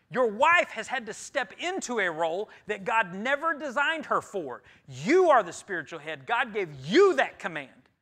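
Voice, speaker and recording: Man, Texan accent, pastor, conversational sermon, playful, high voice, bright tone. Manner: lively, playful, addresses the congregation directly. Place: church sanctuary.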